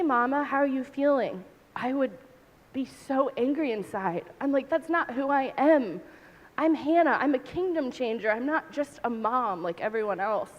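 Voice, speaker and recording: Woman panelist, higher voice, candid animated testimony, hall reverb. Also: highs cut off. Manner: candid, animated, acts out her own past outbursts. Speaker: panel speaker. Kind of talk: personal testimony to an audience.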